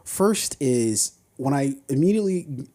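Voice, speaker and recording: A man's voice: mid-range voice, lively intonation, unhurried, warm tone. A man hosting a podcast in casual chat, teasing his co-host, swearing freely and laughing often. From United States.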